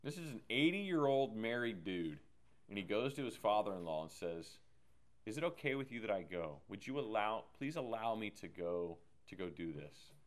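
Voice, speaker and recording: A man's voice: on the low side, big pitch swings, normal speed. Man teaching a casual Bible class. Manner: conversational, asks the group questions, frequent "okay?" and "right?".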